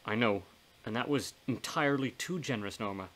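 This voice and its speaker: A man's voice: mid-range voice, fairly quick, a bit bright, natural voice. A man as Harry, a brooding, weary man. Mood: rueful. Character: brooding blinded man, weary, self-pitying.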